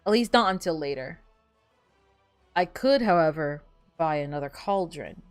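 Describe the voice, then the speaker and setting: A woman's voice: low voice, animated, normal speed, smooth, no echo. Rambling woman streamer over faint music. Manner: rambling, filler-heavy storytelling. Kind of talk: casual gameplay chat.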